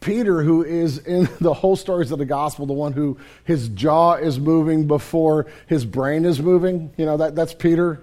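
A man's voice: fairly high pitch, normal speed, hardly any pauses, warm tone. A man preaching a sermon in a church in a casual, conversational way, retelling a story vividly. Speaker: pastor.

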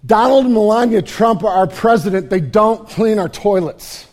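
A male pastor delivering a sermon with a high-pitched, warm, relaxed voice. He talks in a casual, conversational way and retells the story vividly for his church. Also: moderate pace.

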